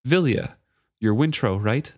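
A man reading as a blunt rough guard. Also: mid-range voice, lively intonation, a little slow, no room sound, clean studio sound, pitched above the performer's own voice, close to an everyday voice. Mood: friendly. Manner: blunt, gruff advice. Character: rough grown male guard, blunt and protective.

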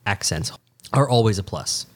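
A man's voice: on the low side, expressive, normal speed. A young man, co-hosting a podcast in casual chat, laughing often and rambling with restarts. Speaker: podcast co-host.

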